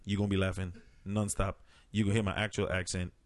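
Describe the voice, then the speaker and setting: A man talking in casual podcast chat, joking and animated. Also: low-pitched, fast. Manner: animated, joking, profane banter. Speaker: podcast guest.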